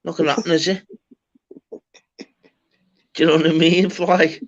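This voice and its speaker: A man's voice: on the high side, little pitch movement, moderate pace. A man with a Scouse accent, chatting casually and swearing freely on a live stream. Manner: swearing, banter-heavy. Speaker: stream host. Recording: slightly dull lo-fi audio.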